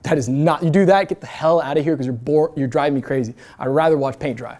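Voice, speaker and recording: A man in his twenties gives a brash, energetic motivational talk to students, swearing casually as a guest speaker in a university event room. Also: fairly high pitch, fast talker. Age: 20s.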